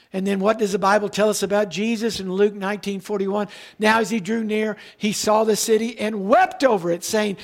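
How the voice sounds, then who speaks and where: A man's voice: sits high, vocal fry. A man preaching a sermon, reading Bible verses aloud and talking to his church. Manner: preaching with Bible readings, restarts, asides to the tech team. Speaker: pastor.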